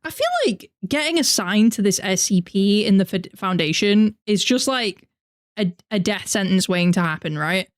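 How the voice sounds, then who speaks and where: A young woman from the north of England, a VTuber streamer with a northern English accent, chats animatedly on a live reaction stream and answers her chat. Her voice is mid-range, with lively intonation at a moderate pace.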